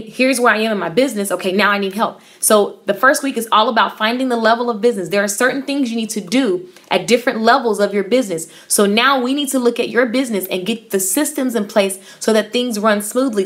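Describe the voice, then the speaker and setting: A woman's voice: medium pitch, fairly bright tone. A woman in her thirties who coaches hair stylists, chatting casually on a live stream, reading viewer comments aloud with upbeat, effusive encouragement.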